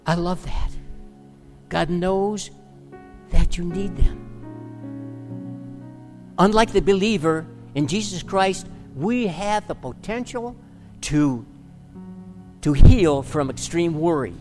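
A man's voice: high-pitched, animated, takes it slowly, pauses often, a little mellow. Pastor guy preaching hard, asks lots of questions, big hall echo, faint music under it. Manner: emphatic, rhetorical questions. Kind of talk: sermon.

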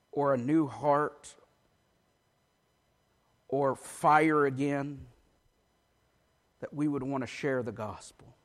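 A pastor preaching a sermon in a church, reading scripture aloud with an emphatic delivery. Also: male voice, mid-range voice. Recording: long reverb of a large hall.

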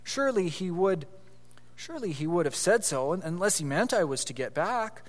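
A man's voice: high-pitched, sing-song, normal speed, in a large hall. A man voicing an earnest, solemn and slightly bossy schoolboy in a read-aloud story.

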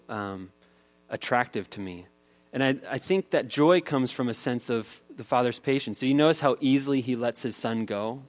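A man in his thirties preaching a sermon, telling a family story in a casual, conversational way. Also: mid-range voice. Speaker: pastor.

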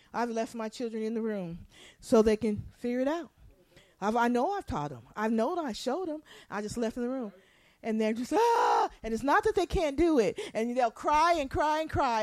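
A woman pastor preaching a sermon, animated, acting out quotes and asking the congregation to respond. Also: fairly high pitch, no room sound.

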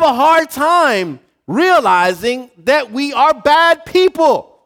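A male pastor preaching a sermon to a live congregation, building from quiet talk to shouting. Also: extremely high pitch, expressive, slow.

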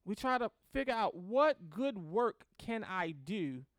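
A woman teaching a Christian class on grief in a lively, conversational way, often laughing and checking in with the class. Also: medium pitch, measured pace, no echo, clean studio sound. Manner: animated, laughs often, acts out prayers in quotes; checks in with "right?" and "okay?".

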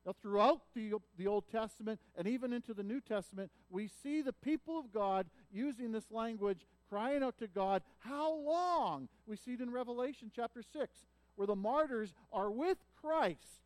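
High-voiced guy preaching, earnest, gets loud and pleading on the quotes, dry sound. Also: moderate pace, few pauses, dry recording. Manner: earnest preaching that swells when voicing a prophet's cries. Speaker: pastor. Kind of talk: sermon.

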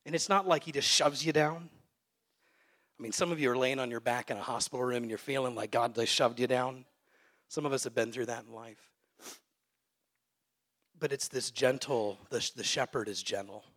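A man who is a pastor, preaching a sermon to a congregation and swinging between hushed, soft phrases and loud, emphatic peaks. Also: medium pitch, normal speed, long pauses. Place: church sanctuary.

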